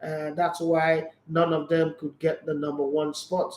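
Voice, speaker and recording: A man with a Nigerian English accent hosting a sports show, reading viewer comments aloud and answering them in a husky, tired voice. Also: fairly high pitch, completely flat delivery, measured pace, darkish tone, roomy sound, poor audio. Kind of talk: casual sports chat.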